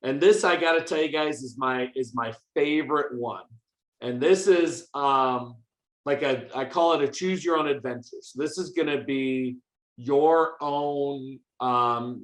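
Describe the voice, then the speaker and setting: A male teacher walks other teachers through a coding demo in a loose, upbeat way, full of fillers and quick restarts. His voice sits at a middle pitch, and the room adds a noticeable echo around him. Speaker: teacher leading a coding workshop. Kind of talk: casual hands-on teaching demo.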